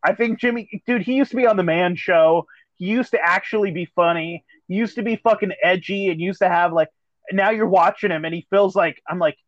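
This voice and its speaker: A man co-hosting a casual podcast chat, telling stories in a profane, animated way. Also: high voice, a little fast, dry recording, muffled recording. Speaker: podcast co-host.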